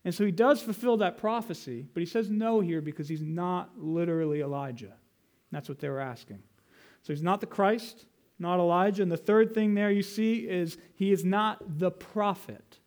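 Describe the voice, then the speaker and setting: Male pastor, higher register, emphatic teaching sermon, slows for scripture lines. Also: a little mellow.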